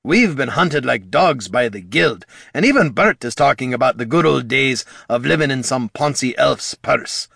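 A man's voice: medium pitch, lively intonation, moderate pace, gravelly, few pauses, pushed and bright, husky, no room sound, clean studio sound, pitched above the performer's own voice, heavily acted. A man voicing a blunt, folksy veteran adventurer who worries about his party. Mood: earnest.

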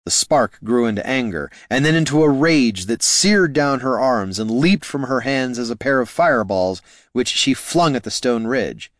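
A man reading a fantasy novel aloud in an expressive storytelling manner. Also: mid-range voice, normal speed, no echo, studio quality. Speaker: narrator. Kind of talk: fantasy audiobook narration.

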